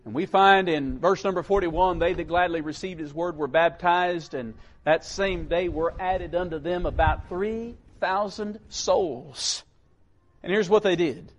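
Guy preaching a sermon, kinda high voice, gets loud then drops real quiet. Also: unhurried, highs cut off. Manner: dynamic, swinging from loud emphatic calls to low quiet lines.

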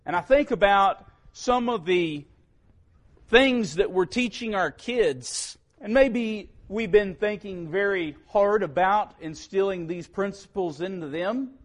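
An earnest man gives a sermon-style talk to parents. His voice sits a touch higher than most men's, and he takes his words slowly and deliberately. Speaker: speaker addressing parents.

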